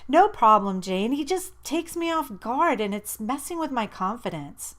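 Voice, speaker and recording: A woman reading an audiobook, voicing an eager, chatty teenage girl who talks with excited, rising emphasis. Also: fairly high pitch, unhurried, voice pushed up.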